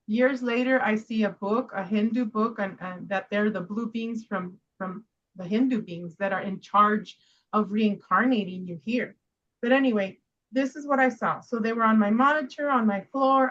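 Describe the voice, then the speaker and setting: A woman hosting a casual chat, telling a personal story in an animated way and speeding up when she quotes herself. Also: mid-range voice, normal speed, dull audio. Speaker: host.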